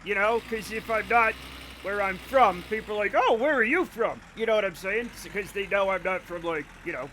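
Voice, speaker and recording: A man with a Rhode Island accent chatting casually while streaming a game, animated and self-mocking, swearing now and then. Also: high-pitched, fairly quick, a little hiss or hum. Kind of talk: casual gameplay stream chat.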